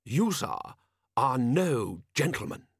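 A man voicing a haughty aristocratic lord who speaks in a clipped, disdainful, deliberate way. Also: medium pitch, very animated, slightly rough, no room sound, clean studio sound, heavily acted. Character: haughty aristocratic male lord, cold and contemptuous.

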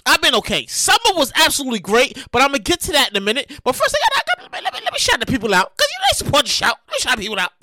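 A New York woman hosts a casual solo podcast, loud and animated, swearing and shouting as she vents. Her voice is high and very bright, and it swings widely in pitch. She is recorded dry on a close mic. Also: racing, few pauses, no room sound. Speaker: podcast host.

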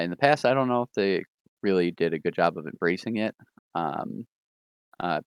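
Smooth deep-voiced man, casual podcast chat. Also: no echo. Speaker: podcast co-host reviewing new comics.

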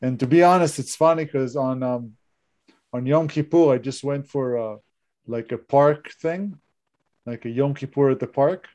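A man's voice: medium pitch, normal speed, a little mellow. A young man co-hosting a casual podcast, telling stories and jokes in a hesitant way. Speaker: podcast co-host. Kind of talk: casual chat.

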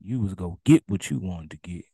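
Gravelly preaching man, dark tone. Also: low-pitched, lively intonation, moderate pace, no room sound. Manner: preaches in casual dialect, acting out commands and swinging between loud and hushed. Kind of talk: sermon.

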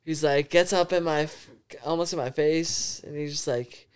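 A man's voice: fairly high pitch, fairly even intonation, normal speed, few pauses, smooth. A young man in his twenties, a podcast guest telling a rambling story full of swearing and laughter. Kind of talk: casual storytelling.

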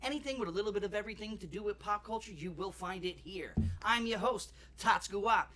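Brash Long Island man, bright voice. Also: high-pitched, fast talker, a little hiss or hum. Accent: Long Island New York. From Long Island, New York. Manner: brash, laid-back, swears freely. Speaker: podcast host. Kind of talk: casual podcast chat.

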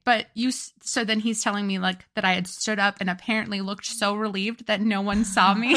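A young woman co-hosting a podcast in casual chat, telling animated stories and acting out what friends said. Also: medium pitch, normal speed, hardly any pauses. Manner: animated storyteller, acts out quoted friends. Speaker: podcast co-host.

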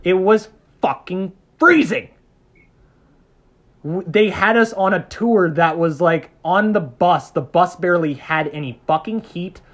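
A man, a podcast guest, tells a casual story in a high voice. He takes his time, drawing things out at an unhurried pace. He swears a lot and laughs often. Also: a bit bright.

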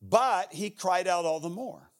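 An American man preaching a sermon as a guest pastor, his voice swinging widely in lively rises and falls. He sits a little high for a man and moves from shouted retellings to hushed prayer. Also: measured pace.

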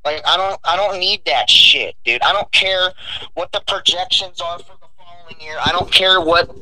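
A man's voice: sits high, bright, forceful tone, low-quality recording. A young man, a welder, telling a blunt, profane story about work in casual chat.

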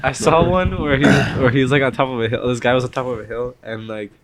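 A man's voice: medium pitch, steady tone, fairly quick, over a noisy crowd. A young man co-hosting a podcast in casual chat, rambling and trailing off as he tries to remember things. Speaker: podcast co-host.

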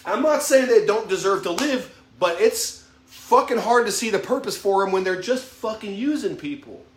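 His voice is high-pitched and expressive at a normal speed. He's a motivational vlogger in his thirties swearing heavily through a blunt monologue to camera in an echoey room, emphatically revealing his own weaknesses.

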